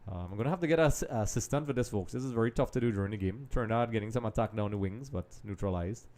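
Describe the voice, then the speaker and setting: A man hosting a live football watch-along, chatting straight to viewers and often dropping into quiet mutters while he multitasks. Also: fairly low pitch, fast. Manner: distracted, multitasking while commenting; trails off into quiet mutters and restarts. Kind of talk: casual live match commentary.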